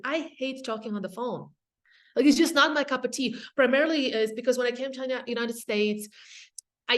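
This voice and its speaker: A woman from Russia with a Russian accent, giving a casual, energetic webinar talk on real estate, with quick asides to the audience. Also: fairly high pitch. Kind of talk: casual presentation.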